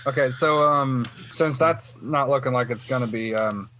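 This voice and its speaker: A man's voice: medium pitch, normal speed, crowd noise. A man playing a tabletop game, goofy and hesitant with many fillers. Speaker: player. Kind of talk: tabletop role-play chat. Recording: noisy online call with clicks.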